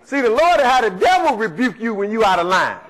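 A male preacher gives a conversational sermon, asking "right?" again and again as he teaches. His voice sits high and sing-song, a little fast. The audio is poor.

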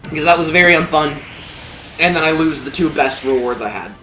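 A young man commentating his own gameplay, swearing, yelling and muttering at the game. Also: fairly high pitch, animated, fairly quick, reverberant, faint music behind. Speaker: let's play gamer.

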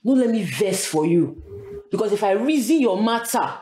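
An actress with a Nigerian accent playing a sharp-tongued wife who scolds her husband in Pidgin. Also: medium pitch, expressive, moderate pace, close to an everyday voice. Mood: scolding. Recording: echoey room with faint noise.

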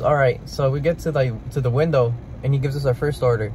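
A man's voice: medium pitch, fairly even intonation, fast, poor audio. A man in his twenties vlogging from his car in traffic, talking in a slangy, rambling way with lots of fillers. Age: 20s. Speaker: vlogger and military reservist. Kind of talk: casual vlog chat. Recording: loud car and traffic noise.

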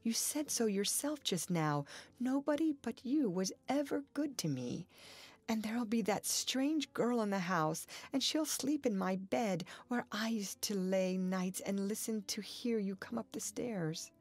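A woman's voice: medium pitch, animated, a little slow, darkish tone, slightly rough, dry recording, pitched above the performer's own voice. A woman voicing a desperate, tender young woman. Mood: pleading.

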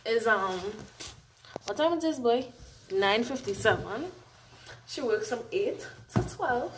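A woman's voice: a little high, expressive, slow pace, recorded from a distance. A young woman, vlogging in casual chat, slangy and laughing often. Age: young adult. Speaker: vlogger, college student. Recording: echoey room, held away from mic, noisy.

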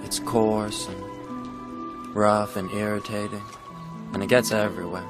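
A sullen young space knight in a film. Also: male voice, fairly low pitch. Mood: sulky. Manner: flat, slow, sulky delivery. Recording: film audio under music.

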